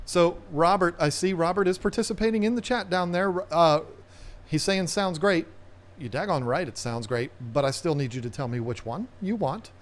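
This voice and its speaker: A man's voice: a little high, normal speed. Chatty man hosting an aquarium live stream. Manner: chatty, rambling, playful. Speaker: aquarium channel host. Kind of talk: casual live-stream chat.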